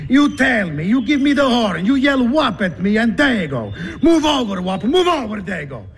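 Italian trucker, film drama: high, swooping, volatile voice, broken English, shouting and sobbing. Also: male voice, very animated, normal speed, slight background noise. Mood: angry. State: crying. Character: hot-headed, tender-hearted male truck driver. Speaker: banana truck driver.

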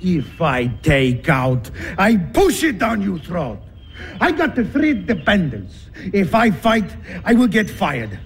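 An actor with an Italian accent playing a hot-headed truck driver who talks in broken English and breaks down sobbing. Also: male voice, high voice, sing-song, takes it slowly, soft background music, exaggerated voice. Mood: angry. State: crying. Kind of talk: film drama acting.

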